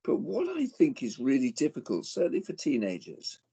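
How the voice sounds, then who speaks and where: A man's voice: mid-range voice, huge pitch swings, moderate pace, vocal fry, mellow, breathy edge, highs cut off. A man in his forties giving a motivational talk to parents, telling a personal story with dramatic swings and calling his listeners folks. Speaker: speaker addressing parents.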